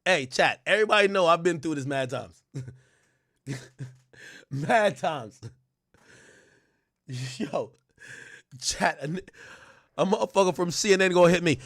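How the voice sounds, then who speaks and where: A man streaming live, telling stories loudly and animatedly, acting out quotes and laughing often. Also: high voice, expressive, moderate pace, pauses often. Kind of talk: livestream commentary.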